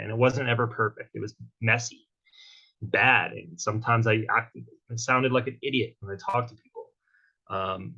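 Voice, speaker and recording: A man's voice: fairly low pitch, bright, forceful tone. Man, guest speaker, motivational workshop talk, conversational, keeps asking "right?", dull muffled recording. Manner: casual, conversational, frequent "right?" and "okay?" tag questions. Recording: dull lo-fi sound.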